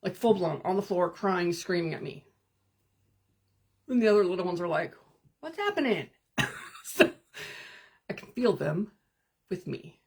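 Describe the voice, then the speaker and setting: A woman hosting a live stream as a spiritual coach, speaking in calm, gentle, meditative guidance with pauses and answering viewer comments. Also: fairly low pitch, vocal fry, breathy edge.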